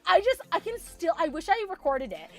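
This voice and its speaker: A woman's voice: very high voice, very animated, fairly quick, soft background music. A young woman with a Canadian accent chatting casually with viewers while sewing, telling a story in a rambling way full of "like"s and laughs. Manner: rambling, many "like"s and restarts, laughs a lot. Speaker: vlogger chatting with live viewers.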